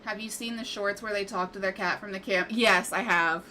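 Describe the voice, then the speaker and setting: A gaming streamer talks casually with viewers while modding a game at home, cooing at her cats and scolding them in a playful sing-song. Her mid-range voice is pushed and bright, with fairly even intonation and a moderate pace, and a little hiss or hum sits under the recording.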